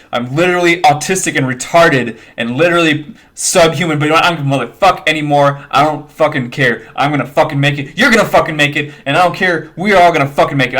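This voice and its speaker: A man's voice: on the high side, fairly bright tone. A man talking into his webcam in a rambling, profane monologue, giving himself and his viewers an emphatic pep talk and repeating himself often. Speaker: webcam video maker.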